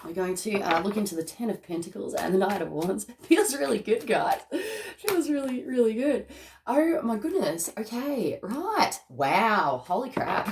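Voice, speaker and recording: A woman's voice: mid-range voice, expressive, measured pace, background noise. A woman giving a casual, emotional tarot reading to camera, chatty and often laughing. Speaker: tarot card reader.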